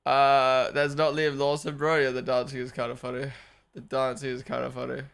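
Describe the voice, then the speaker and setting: Excitable young man with a gravelly, bright voice. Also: mid-range voice, normal speed. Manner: excitable,喜 exclaiming and repeating himself. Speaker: streamer watching a race broadcast. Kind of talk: casual live-stream reaction.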